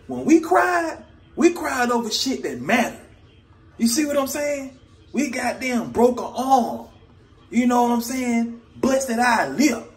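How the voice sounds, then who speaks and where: Brief: male comedian, very high voice that swoops all over, profane and exasperated rant. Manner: animated storytelling.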